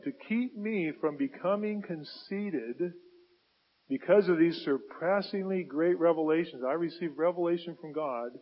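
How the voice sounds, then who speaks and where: A male pastor preaching a sermon, swinging from loud impassioned pleading to quiet reflective asides. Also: a little high, highs cut off.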